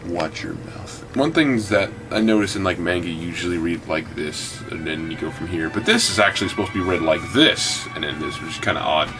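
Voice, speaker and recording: A man's voice: low voice, a little fast, few pauses, over music. A man casually chatting while reading manga aloud, breaking into raised voices for the characters. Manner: acts out characters' lines in a raised voice. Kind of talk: casual chat.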